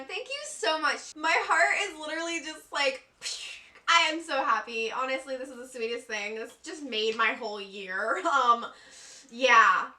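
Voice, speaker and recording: High bright-voiced gushing woman vlogger. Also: distant mic. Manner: gushing, effusive, giggly. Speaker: beauty vlogger. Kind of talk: excited unboxing vlog. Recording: echoey room, a bit off-mic.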